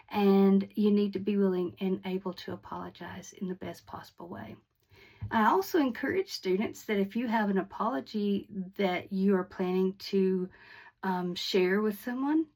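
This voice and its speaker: A woman's voice: medium pitch, darkish tone, rough recording. A woman hosting her own channel, giving a casual video lesson to camera in a friendly way, often restarting and repeating her words. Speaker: online teacher and channel host.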